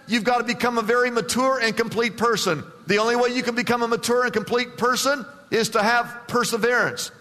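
A man pastor preaching a sermon emphatically, with big swings in pitch and loudness, in a church. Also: long reverb tail.

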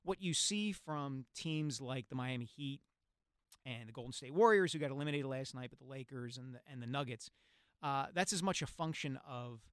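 A man hosting a sports talk radio show, articulate and brisk, on a studio microphone. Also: mid-range voice, fairly bright tone, smooth, dry recording.

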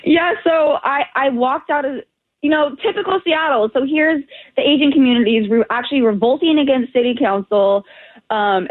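A woman's voice: fairly high pitch, dry recording. Indignant woman on a tinny phone line. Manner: indignant, fast, emphatic. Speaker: correspondent. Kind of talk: phoned-in radio interview.

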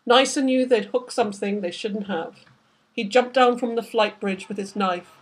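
A woman, the author, reading aloud from her novel in steady, measured narration. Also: a little high, poor audio. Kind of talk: book reading.

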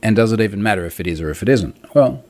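A man with a voice a bit lower than most talks casually on his own about online security. He speaks in a chatty, wry way and lays out technical details clearly, with self-mocking jokes along the way. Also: expressive, very fast, darkish tone, slight background noise. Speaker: host reading viewer comments.

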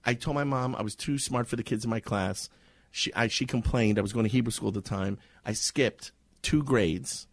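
A man from Miami, USA, guesting on a radio interview, animatedly tells a story and acts out the voices of the people in it. His voice is medium-pitched at a moderate pace, and the dry recording was made in an office where a gathering is taking place.

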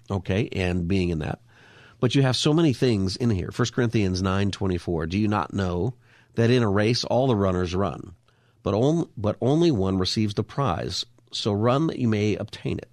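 A man's voice: lowish voice, no echo, clean studio sound. A man hosting a Christian radio talk show, speaking in an earnest, reflective way with many restarts.

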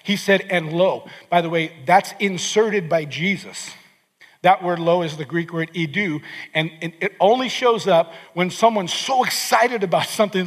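Man, pastor, sermon, earnest, stammering restarts, high-pitched, echoing hall. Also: moderate pace. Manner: earnest, repeats words and restarts, acts out quoted voices. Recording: long hall reverb.

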